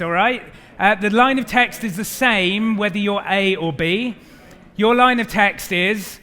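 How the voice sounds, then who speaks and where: A middle-aged man giving an animated keynote talk to a live audience, acting out the quotes in his stories. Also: high-pitched, moderate pace. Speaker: conference speaker.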